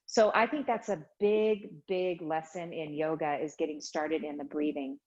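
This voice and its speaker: A woman yoga teacher leading a chair yoga class with slow, soothing guided instructions. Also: sits low, fairly even intonation, darkish tone, lo-fi sound. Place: home studio livestream.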